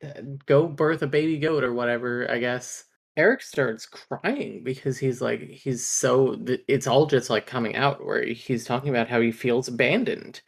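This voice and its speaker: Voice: moderate pace, vocal fry, few pauses. A podcast co-host chatting casually about a book, ranting, swearing and laughing. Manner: swears freely, ranting and laughing, mid-pitch.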